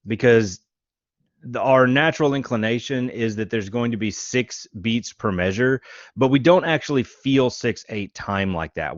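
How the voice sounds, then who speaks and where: A man teaching a music class, counting beats out loud and showing rhythms on guitar. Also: lowish voice, unhurried, no room sound, lo-fi sound. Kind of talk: lecture.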